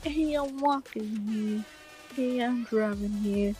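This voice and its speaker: A woman's voice: a little high, takes it slowly, faint music behind. Figure: a woman doing a brash New Jersey guy. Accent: put-on New Jersey. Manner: loud, clipped street-tough catchphrases. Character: brash high-pitched New Jersey man.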